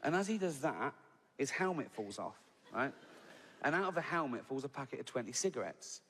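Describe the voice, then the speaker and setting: A man's voice: mid-range voice, very animated, fairly quick, fairly bright tone. A man in his sixties with an English accent, telling a long stand-up anecdote in a chatty way, often asking "right?" and swearing. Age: 60s. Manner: chatty anecdotal delivery, peppered with "right?" and swearing, laughs at his own story. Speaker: stand-up comedian. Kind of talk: stand-up storytelling. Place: stage in a large hall with a live audience. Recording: reverberant hall, audience ambience.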